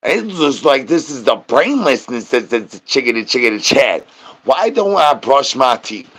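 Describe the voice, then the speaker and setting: Guy livestreaming, chanting nonsense catchphrases over and over, goes squeaky high out of nowhere. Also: very animated, normal speed, a bit bright, slightly rough. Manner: nonsense rhymes and catchphrases, chanting refrains, sudden high-pitched outbursts. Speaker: live streamer. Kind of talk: rambling live-stream chat.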